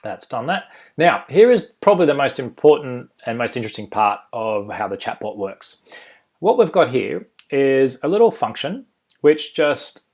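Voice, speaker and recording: A man with an Australian accent giving an informal screen-share tutorial, full of ums and uhs and quick self-corrections. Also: mid-range voice, big pitch swings, a little mellow. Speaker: software developer presenting a demo.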